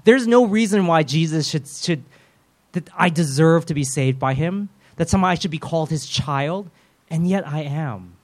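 Animated casual preacher man. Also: fairly high pitch, normal speed. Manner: animated, acts out quotes and prayers in shifting voices; casual, self-aware with asides and humor. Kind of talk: sermon.

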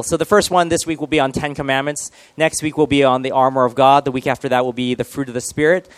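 A man's voice: fairly high pitch, quick pace, hardly any pauses, no room sound. A male pastor giving a casual, joking sermon and quizzing his congregation.

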